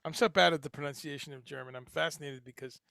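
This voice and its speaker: A man's voice: fairly high pitch, fairly even intonation, quick pace, gravelly, sharp tone, dry recording, studio quality. A man hosting a casual livestream chat, talking in a rambling way with lots of fillers and restarts. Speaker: livestream host. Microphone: headphones and home streaming setup.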